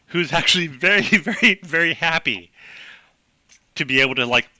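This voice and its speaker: A man's voice: on the high side, expressive, moderate pace, pushed and bright, no echo. A man running a tabletop game as game master, rambling and laughing as he narrates.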